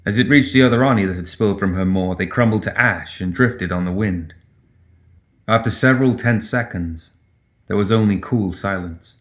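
A man with a low, deep voice reads a dark fantasy tale aloud. His delivery is steady and measured, in plain scripted narration.

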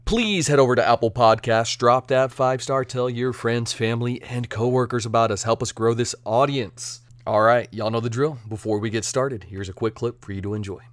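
A man hosting a casual solo podcast review, chatty and energetic, now and then slipping into silly joke accents. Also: mid-range voice, moderate pace, hardly any pauses, no echo. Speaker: podcast host.

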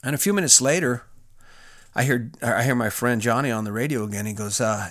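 A man's voice: medium pitch, fairly quick, fairly bright tone, no echo, clean studio sound. A middle-aged man, a former prison officer, telling a personal story in a candid, plain-spoken way with restarts and fillers.

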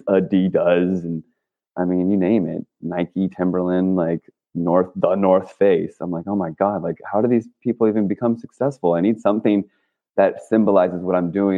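Male guest, low-pitched, rambling and filler-heavy, heard through a thin phone-like line. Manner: rambling, with many fillers and restarts. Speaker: guest, activist and clothing maker. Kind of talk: casual interview talk. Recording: tinny phone-line sound.

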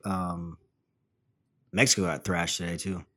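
Young guy, low-ish voice, loose rambling co-host with lots of fillers. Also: steady tone, unhurried, bright, forceful tone. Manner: rambling, swearing, many fillers. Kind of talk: casual chat.

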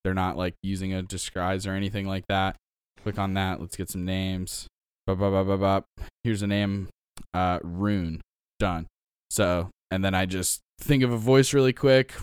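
A man's voice: sits low, steady tone, moderate pace, smooth, no echo, studio quality. A man co-hosting a podcast about running tabletop games, chatting casually, giving advice and laughing often. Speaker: podcast co-host, game master.

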